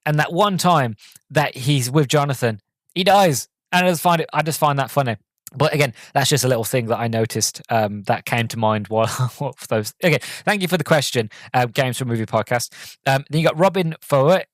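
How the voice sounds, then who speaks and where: An enthusiastic man hosts a casual podcast movie review. He rambles, filling his sentences with ums and likes. His voice sits at an ordinary middle pitch and is recorded close and dry, with no room sound. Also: brisk, no room sound. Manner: enthusiastic, rambling, many filler words. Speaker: podcast host.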